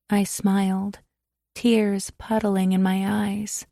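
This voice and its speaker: A woman's voice: medium pitch, level tone, slow, creaky, mellow, no echo, clean studio sound. A woman narrating a first-person romance audiobook in an emotional, intimate way.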